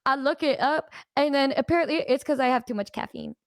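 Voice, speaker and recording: A young woman in casual chat, rambling quickly, self-deprecating and swearing. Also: high-pitched, no echo, studio quality.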